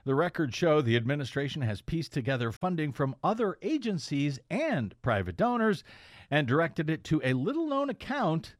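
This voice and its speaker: Male talk radio host, sardonic, animated, slightly high voice, dry studio sound. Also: no echo. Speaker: radio host and investigative blogger. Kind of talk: political talk radio monologue.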